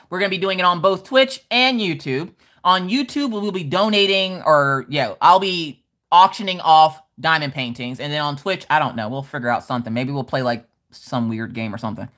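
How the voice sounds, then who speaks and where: A woman hosting a casual crafting livestream from her desk at home, reading out viewer comments in a loud, bawdy, joking way and laughing often. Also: low-pitched. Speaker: livestream host.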